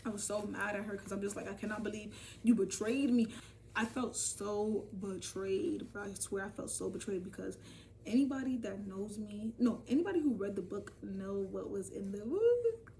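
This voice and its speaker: A young woman telling a casual storytime vlog, animated and profane, talking straight to her viewers. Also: medium pitch, moderate pace, recorded from a distance. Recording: voice from off the mic, faint ambient noise.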